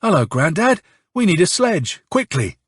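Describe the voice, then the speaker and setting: A man playing Myshlaevsky, a hoarse swearing officer. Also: high voice, very animated, moderate pace, fairly bright tone, no room sound, clean studio sound, voice pushed up, full character voice. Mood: angry storytelling. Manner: angry, sardonic storytelling with curses. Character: hoarse young male officer, bitter and swearing. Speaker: audiobook narrator. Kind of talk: audiobook reading.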